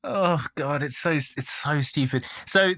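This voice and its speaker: Man, podcast co-host, bright tone, slightly higher voice, playful riffing. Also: a little slow. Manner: jokey, riffing, laughs often. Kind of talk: casual comedic chat, recapping a TV episode.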